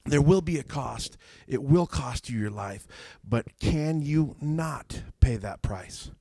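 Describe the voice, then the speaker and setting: A man in his thirties preaches a casual sermon as a youth pastor. He tells stories with energy and slips into quick voices for the people in them. His voice sits at a medium pitch, and the sound is close and dry, with no room echo. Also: gravelly. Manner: animated storyteller acting out quoted voices.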